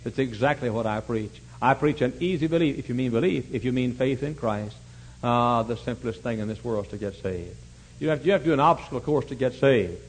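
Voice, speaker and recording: A man preaching a sermon, telling folksy stories and swinging from quiet asides to shouting. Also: mid-range voice, fairly quick, a little hiss or hum, low-quality recording. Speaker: pastor.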